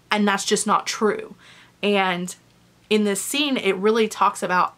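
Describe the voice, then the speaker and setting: A woman's voice: mid-range voice, fairly even intonation, slow pace, a bit bright. A young woman chatting candidly in a book review vlog, casual and openly emotional, with the odd swear word.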